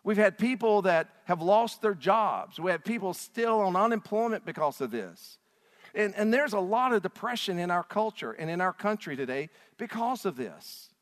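A man preaches with fervent, animated delivery, his voice sitting fairly high and swooping widely in pitch. He moves between loud appeals and hushed, intimate passages. The sound carries a long hall reverb. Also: normal speed. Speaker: pastor. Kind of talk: sermon.

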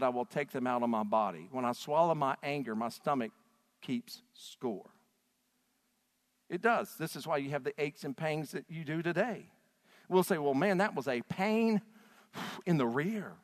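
A male pastor preaching a sermon with passion, swinging between loud and hushed delivery. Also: a little high. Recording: long hall reverb.

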